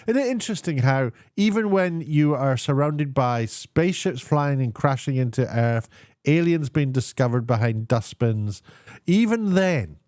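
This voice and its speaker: A man giving a casual spoken TV review, sarcastic and meandering, often pausing to search for words. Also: medium pitch, darkish tone, dry recording, clean studio sound.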